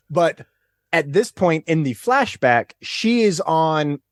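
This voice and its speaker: A man guest on a podcast, chatting casually and retelling scenes in an excitable, animated way. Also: fairly high pitch, slow pace, no echo, studio quality. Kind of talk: casual chat.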